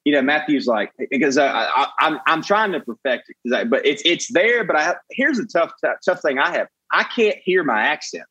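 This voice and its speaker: A young man with a Southern US accent, a comedian guest telling animated stories in casual chat and saying "dude" a lot. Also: fairly high pitch, fairly quick, hardly any pauses, slightly rough, no room sound, lo-fi sound. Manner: animated, says "dude" often, jumps into quoted voices.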